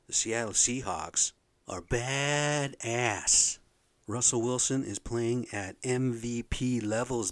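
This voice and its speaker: A blunt middle-aged man from the Pacific Northwest rants on his own podcast, swearing freely and getting louder as he gets worked up. His voice sits at an ordinary pitch, and it is recorded close on a dry mic. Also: no room sound. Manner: profane, blunt and animated. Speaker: podcast host. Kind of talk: casual rant monologue.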